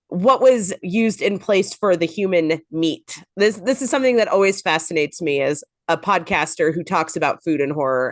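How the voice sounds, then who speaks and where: A woman's voice: on the low side, no echo, studio quality. A woman podcast co-host moderating a festival Q&A, asking upbeat prepared questions. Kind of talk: hosting a festival Q&A.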